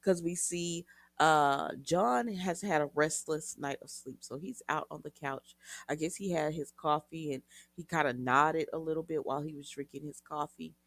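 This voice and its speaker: A woman's voice: low voice, moderate pace, no echo. A woman recapping a soap opera episode in a chatty way, retelling scenes with quoted lines and asides to her viewers.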